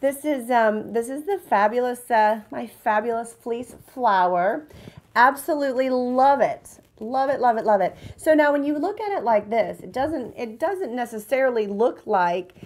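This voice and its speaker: A woman hosting a card-making tutorial, bubbly and enthusiastic, chatting to her viewers. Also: fairly high pitch. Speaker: crafting channel host.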